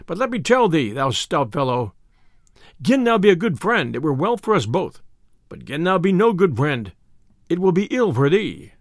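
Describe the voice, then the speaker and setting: A man's voice: a little high, very animated, normal speed, dry recording, studio quality. A man reading aloud, voicing a boisterous, boastful male tinker in an audiobook tale. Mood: blustering. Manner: loud, boastful old-style speech.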